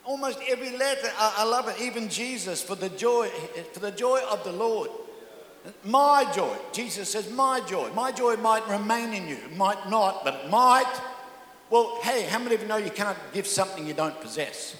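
A man's voice: high-pitched, lively intonation, moderate pace, a bit bright. An older man preaching a humorous sermon as pastor, telling jokey stories with stammering restarts. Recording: echoey hall.

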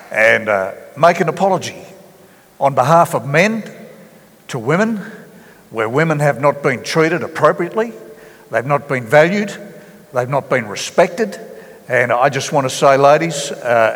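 A man preaching a sermon as pastor, earnest and halting, with many fillers and restarts. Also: mid-range voice, fairly bright tone, in a large hall. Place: church hall.

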